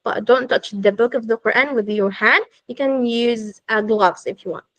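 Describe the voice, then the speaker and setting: A woman teaching an online class to girls, explaining simply, gently and patiently. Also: on the high side, normal speed, dry recording, poor audio. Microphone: video call.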